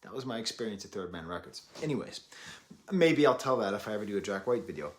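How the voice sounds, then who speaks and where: A man's voice: fairly low pitch, animated, fast talker. A man in his thirties reviewing an album, rambling and self-deprecating with jokey asides. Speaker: music reviewer. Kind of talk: casual chat.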